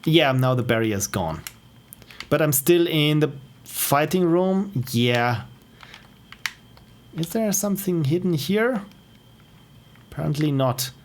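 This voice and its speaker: A man's voice: a little high, expressive, takes it slowly, pauses often, slight background noise. A man with an Austrian accent streaming indie games, thinking aloud with curious questions as he plays. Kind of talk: live gameplay commentary. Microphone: wearing headphones.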